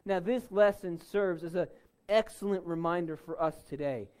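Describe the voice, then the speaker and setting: A man preaching a sermon, driving points home with loud, stressed words and dropping to soft, low asides. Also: moderate pace. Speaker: pastor.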